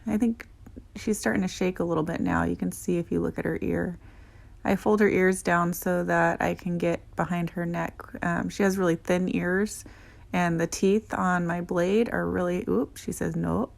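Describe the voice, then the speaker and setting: Low gravelly-voiced young woman groomer. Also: flat delivery, moderate pace. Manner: gentle, chatty and explanatory. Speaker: dog groomer. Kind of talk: voice-over narration of a grooming video.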